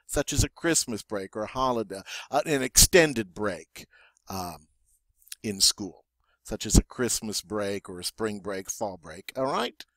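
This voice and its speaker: A French teacher gives a classroom vocabulary lesson, unhurriedly saying each word on his list twice and then explaining it in English, with dry jokes slipped in. His voice is fairly low with a fairly bright tone, and the recording sounds dry and close, without room echo.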